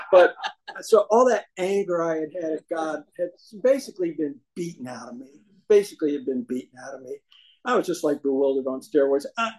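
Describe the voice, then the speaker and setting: A man's voice: fairly high pitch, a little mellow, low-quality recording. A man telling his recovery story to a meeting audience in a folksy, humorous way, acting out the voices of people he quotes.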